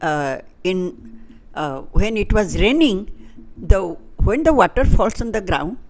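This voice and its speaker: A woman's voice: mid-range voice, animated, slow, darkish tone. A woman retelling a story in a loose, unscripted way with fillers and restarts. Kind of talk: storytelling narration.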